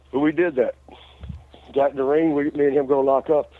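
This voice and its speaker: A man's voice: a little high, little pitch movement, a little fast. A middle-aged man, an interview guest telling a long story in a rambling, laughing way, full of fillers and restarts. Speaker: interview guest, former wrestler. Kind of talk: casual storytelling. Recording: lo-fi radio show audio.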